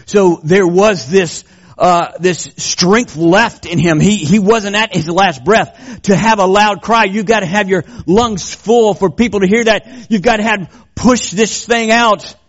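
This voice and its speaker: A man's voice: high voice, unhurried. A male pastor preaching a sermon emphatically and building to fervent proclamation. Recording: dull lo-fi recording.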